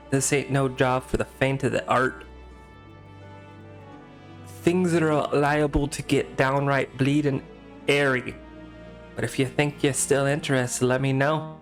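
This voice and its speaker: Gruff, blunt tavern keeper with a wobbly put-on Scottish brogue, read by a man streaming a game, faint game music underneath. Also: mid-range voice, natural voice. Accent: clumsy attempted Scottish. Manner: reading game dialogue aloud in a put-on brogue.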